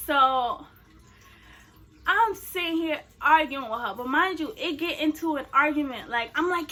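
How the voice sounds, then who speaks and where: High bright animated young woman storyteller. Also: moderate pace. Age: young adult. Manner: animated, profane, acts out quotes. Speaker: vlogger. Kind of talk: storytime vlog.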